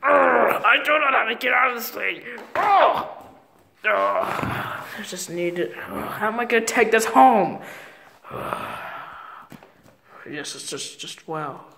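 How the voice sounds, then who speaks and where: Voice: medium pitch, animated, slow, vocal fry, long pauses, sharp tone, heavily acted. A performer voicing a grumpy, frustrated adult male villain scientist in a home-made toy show, sighing, groaning and complaining. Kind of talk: amateur toy-show voice acting.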